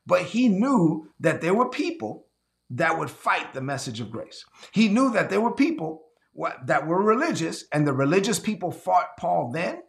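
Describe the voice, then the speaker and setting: Male pastor, casual livestream sermon, high and gravelly, animated storyteller. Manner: energetic, conversational preaching with acted-out quotes; repeats words and restarts often.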